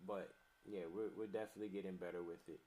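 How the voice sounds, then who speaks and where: A man's voice: low voice, fairly even intonation, fast, warm tone, slight background noise. A man chatting casually on a podcast, laid-back and profane, laughing often and talking with many fillers. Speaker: podcast guest.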